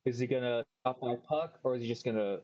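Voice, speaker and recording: A man's voice: medium pitch, darkish tone. Game master man, slightly muffled sound. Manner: brisk rules checks and scene descriptions. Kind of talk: running a tabletop game.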